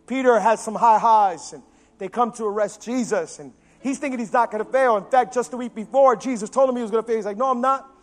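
Animated high-voiced male pastor preaching. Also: fast talker. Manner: animated, swings from loud emphasis to quiet intensity; acts out quotes of biblical figures with his own voice. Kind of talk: sermon.

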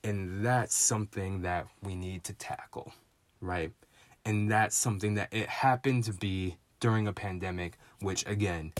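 Frustrated man, low dry voice. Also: no room sound. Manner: frustrated, emphatic, keeps asking "right?". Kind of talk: impassioned monologue.

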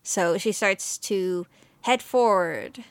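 Chatty woman, smooth dry voice. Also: medium pitch, slow, dry recording. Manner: chatty and emotional, with many fillers and quoted lines. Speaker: podcast co-host recapping an anime episode. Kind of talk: casual chat.

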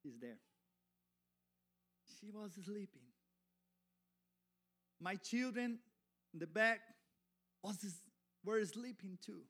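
Man preaching, very high voice, slow and halting, non-native English, rising to fervent shouts. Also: expressive. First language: not English. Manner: halting, self-correcting, builds to fervent shouting. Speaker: guest preacher. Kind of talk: sermon.

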